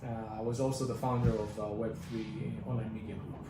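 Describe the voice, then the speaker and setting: A man's voice: on the low side, little pitch movement, fairly quick, over music. Ceo guy from israel giving a summit talk, lots of uhs, echoey room, far from the mic. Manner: hesitant, many "uh" fillers. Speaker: company CEO presenting. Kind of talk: conference presentation. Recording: echoey, distant, faint noise.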